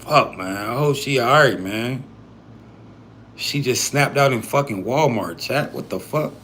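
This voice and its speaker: Mid-pitched man streaming to chat, slangy and profane, light hiss behind. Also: a little slow, a bit bright. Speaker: livestream host. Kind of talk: casual livestream talk.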